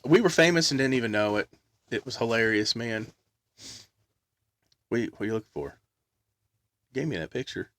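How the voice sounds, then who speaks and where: A man telling a long story in casual chat, loud and animated, belting out quoted songs. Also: medium pitch, moderate pace, long pauses, no room sound.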